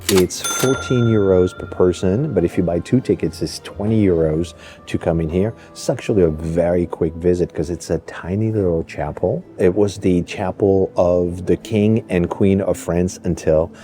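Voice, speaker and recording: A man's voice: low-pitched, moderate pace, mellow, soft background music. A man co-hosting a travel vlog, describing the places he visits with easy enthusiasm and frequent "uh"s. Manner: enthusiastic, awed, with fillers. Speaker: travel vlogger. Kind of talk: casual travel vlog commentary.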